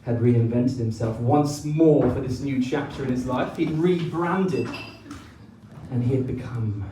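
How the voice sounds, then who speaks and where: A man giving a teasing wedding speech, pausing often with ums. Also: medium pitch, mellow, a little hiss or hum. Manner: teasing, with many ums and pauses. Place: wedding reception hall. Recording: echoey room, mic from far off.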